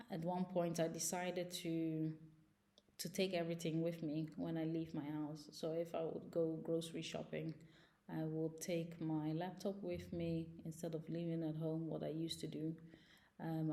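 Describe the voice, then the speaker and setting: A woman's voice: low voice, mellow. A young woman vlogger telling a personal story in a casual, agitated and emotional way.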